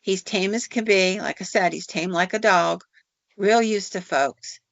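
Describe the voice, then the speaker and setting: A woman's voice: mid-range voice, measured pace, creaky, no echo. A woman voicing a folksy drifter asking to stay. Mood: pleading. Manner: folksy, plain-spoken, asking a favor. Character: drifting male bear showman, worn and pleading. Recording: dull, dry recording.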